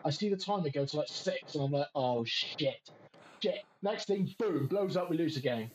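A young man, a podcast guest, telling stories in casual chat with animated energy and laughter. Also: a little high, fairly quick. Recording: dull, slightly noisy line.

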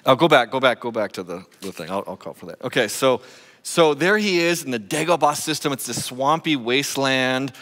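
A man's voice: medium pitch, expressive, brisk, fairly bright tone. A man preaching a sermon as pastor, conversational and joking, with frequent "uh" fillers, in a church sanctuary. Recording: echoey church hall.

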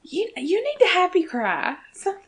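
A woman's voice: very high voice, huge pitch swings, a little slow, a bit bright. A woman in her thirties, a podcast co-host chatting casually, laughing often and swearing freely as she gushes. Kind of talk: casual chat.

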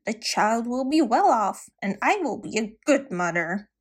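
A woman's voice: a little high, very animated, unhurried. A woman voicing a wicked old witch in a storybook reading, talking in a menacing way. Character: wicked old female witch, mean and greedy.

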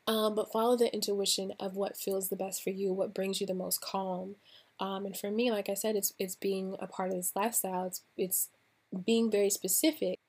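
A woman speaks into a podcast mic in a mid-range voice. She talks straight to her listeners in a relaxed, encouraging way, and her speech is loose and full of "um"s and "like"s. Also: medium pitch, moderate pace, slightly rough. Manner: relaxed, with fillers like "um" and "like". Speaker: podcast host and coach. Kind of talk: casual podcast monologue.

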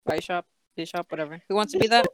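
A woman's voice: lowish voice, dry recording. Woman bossing her friends around on a video call, jokey, dry close sound. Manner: bossy, joking, quick to laugh. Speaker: organizer of a group parody film. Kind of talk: casual chat on a group call.

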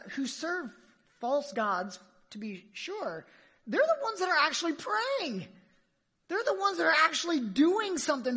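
A woman's voice: fairly high pitch, a bit bright, slightly rough. A woman preacher giving an emphatic sermon, full of rhetorical questions to her listeners.

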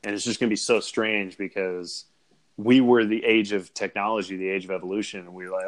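A man's voice: lowish voice, steady tone, a little fast. A young man co-hosting a casual podcast, rambling with lots of filler words, swearing and laughing often. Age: young adult. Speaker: podcast co-host. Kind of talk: casual chat.

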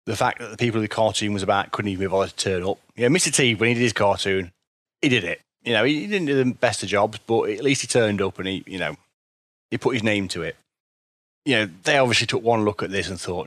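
A man's voice: fairly low pitch, fast talker, fairly bright tone, no echo. A man co-hosting a casual cartoon review chat, blunt and rambling, often repeating his words. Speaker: podcast co-host reviewing cartoons.

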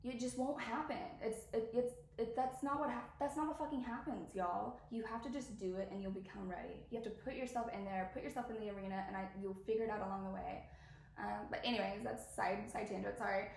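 A woman's voice: mid-range voice, brisk, vocal fry, reverberant. A woman in her thirties hosting a podcast, chatting candidly and rambling, swearing freely, her throat irritated by allergies. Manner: rambling, confiding, swears freely, talks straight to listeners. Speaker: podcast host. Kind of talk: candid casual chat.

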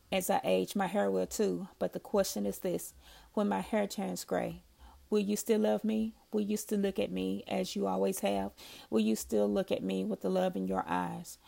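A woman reading her own poems aloud, slow and soft-spoken, with long heartfelt pauses between lines. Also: mid-range voice, gravelly.

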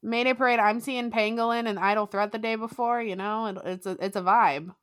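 A young woman co-hosts a podcast, chatting casually in a lively, giggly way, laughing often and swearing freely. Her voice is fairly high and smooth, she talks fairly quickly, and the recording is dry.

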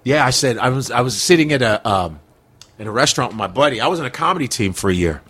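Give me a man, a comedian chatting on a podcast, animated and fond of doing voices. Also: medium pitch, fast talker, slightly rough. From Chicago, USA. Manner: animated storyteller, slips into impressions. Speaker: comedian guest. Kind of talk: casual podcast chat.

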